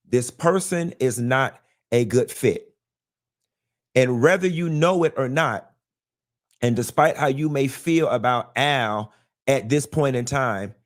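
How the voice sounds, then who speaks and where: A man giving a commentary monologue, laying out his argument point by point in a measured way. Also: medium pitch, darkish tone. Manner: deliberate, measured, argues point by point. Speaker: show commentator.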